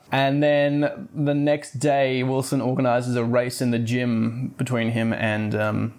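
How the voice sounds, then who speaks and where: A man's voice: mid-range voice, level tone, unhurried, hardly any pauses, a little mellow. A man hosting a podcast, casually retelling a book's plot with wry asides. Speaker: podcast host. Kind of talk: casual book review podcast.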